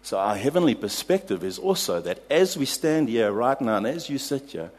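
A South African man preaching a sermon, telling a lively personal story and laughing at his own anecdotes before drawing a lesson. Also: medium pitch, normal speed. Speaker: pastor.

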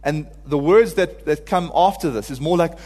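A man's voice: a little high, normal speed, darkish tone. Earnest preacher man in a reverberant hall. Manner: earnest, builds to pleading cries when quoting. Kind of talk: informal sermon.

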